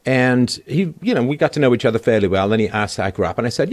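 A man with a low voice tells long, rambling stories in a relaxed panel chat. He grew up in London and drifts from one anecdote to the next with lively asides. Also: quick pace, few pauses. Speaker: podcast guest. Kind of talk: casual panel discussion.

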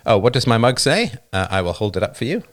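A man's voice: mid-range voice, very animated, fast talker, a bit bright. A man hosting a livestream, talking in a casual, emphatic monologue into a studio microphone and often tagging his points with "right?". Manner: emphatic, keeps asking "right?". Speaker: livestream host. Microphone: new studio microphone.

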